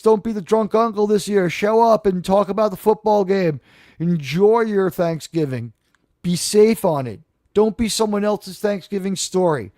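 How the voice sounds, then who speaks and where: A man's voice: sits high, dry recording, studio quality. A man hosting a live talk stream, rambling and sarcastic, from New York. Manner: sarcastic, rambling, shifts loud and soft. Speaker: live show host. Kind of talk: casual livestream monologue.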